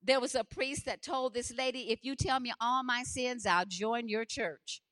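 A middle-aged woman preaching a sermon, impassioned and repetitive, swinging from hushed to loud. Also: on the high side, fairly even intonation, normal speed.

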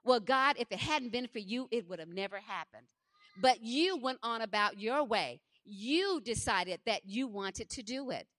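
Middle-aged woman preacher, fervent sermon delivery, fairly high voice, builds from soft to loud. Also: expressive, measured pace. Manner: impassioned, repetitive, swings from hushed to loud.

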